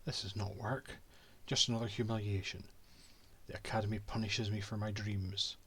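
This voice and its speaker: A man's voice: lowish voice, level tone, normal speed, a bit bright, slight background noise, natural voice. A Scottish man voicing a haughty male cartographer and reading his old-fashioned diary aloud from a game.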